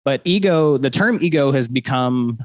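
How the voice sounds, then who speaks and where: A man's voice: mid-range voice, animated, moderate pace, no echo. A man with stuffy sinuses from allergies, co-hosting a podcast and explaining ideas in a loose, joking way. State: congested from allergies. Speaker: podcast co-host. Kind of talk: casual explanatory chat.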